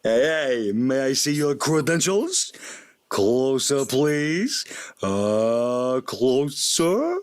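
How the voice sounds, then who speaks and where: A man voicing a cartoon bear playing a sly, menacing male doctor, in a teasing, drawn-out way. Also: medium pitch, sing-song, smooth. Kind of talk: live staged script reading.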